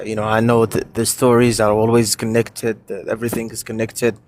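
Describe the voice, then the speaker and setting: A man's voice: medium pitch, slight background noise. Earnest man rambling with fillers. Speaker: panel guest. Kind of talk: casual panel discussion.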